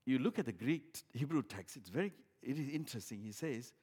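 Male pastor, mid-range voice, preaching; surges loud and emphatic, then falls to quiet asides, with lots of repetition. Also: medium pitch, lively intonation, a little fast, husky. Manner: repeats phrases and restarts with "in other words". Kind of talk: sermon.

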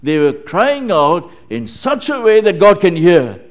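A man's voice: high voice, very animated, measured pace. Conversational male preacher. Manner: conversational, with frequent tag questions. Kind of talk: sermon.

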